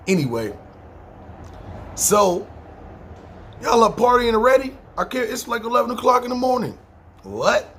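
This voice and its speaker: A man's voice: extremely high pitch, very animated, a little slow, pauses often, fairly bright tone, slight background noise. A man from New York with a New York accent, telling a long story casually, rambling, swearing freely and acting out what people said. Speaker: podcast storyteller.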